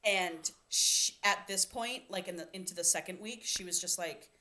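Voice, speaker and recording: A woman's voice: lowish voice, normal speed. A woman co-hosting a podcast, animatedly retelling a novel's plot in casual chat, acting out the characters' lines and swearing freely. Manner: animated storyteller, acts out quotes, swears casually. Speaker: podcast co-host.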